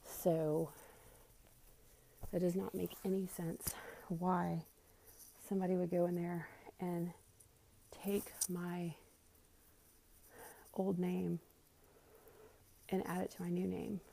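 Young woman, out of breath, casual cleaning vlog, rambling with fillers and sighs, gravelly, dark tone. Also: lowish voice, little pitch movement, slow, pauses often, a little hiss or hum. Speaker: vlogger. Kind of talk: casual chat while cleaning. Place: home living room.

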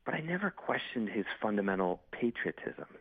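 A man with a low voice speaks with urgency and strong emphasis, pressing each point as an interview guest. His voice comes through a narrow, tinny phone line. The sound is dry, with no room around it. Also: sing-song, a little fast, no room sound. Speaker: congressman and Marine veteran.

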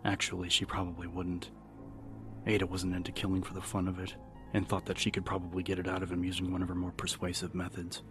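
A man with a very deep voice narrates a horror story in a steady, even manner. His delivery stays flat with little melodic movement, and a clear music bed plays under his voice. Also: fast. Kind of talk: audiobook-style story narration.

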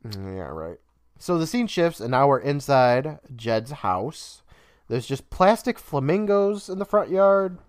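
Smooth-voiced man recapping a show. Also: fairly high pitch, very animated, measured pace, no room sound, studio quality. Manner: laid-back, swears freely, laughs often. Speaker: podcast co-host.

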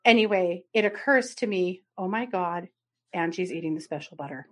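A woman's voice: on the low side, moderate pace. Laughing woman telling a family story. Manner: animated storyteller, laughs often, acts out quotes. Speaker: podcast co-host. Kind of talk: casual storytelling chat.

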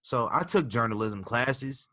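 Male podcast host, bright, tense tone, rambling delivery with restarts, dry close mic. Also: mid-range voice, animated, a little slow, no room sound. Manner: rambling, stumbles and restarts, many ums. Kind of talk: casual podcast chat.

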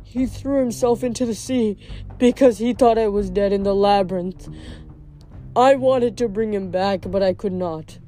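A woman voicing a lifeless, fearful young male ghost with a hollow, halting delivery in a read-aloud story. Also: medium pitch, dark tone, faint music behind, lightly acted. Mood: mournful.

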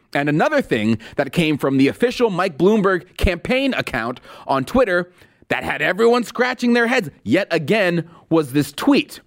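A male show host delivering opinion commentary in a sarcastic, mocking tone. His pitch sits a little high and swings widely as he reacts with disbelief.

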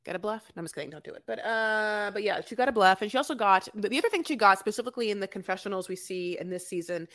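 A woman's voice: medium pitch, lively intonation, racing, hardly any pauses, fairly bright tone. A woman co-hosting a podcast, recapping a reality show in gossipy, profane casual chat and calling people "honey". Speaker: podcast co-host.

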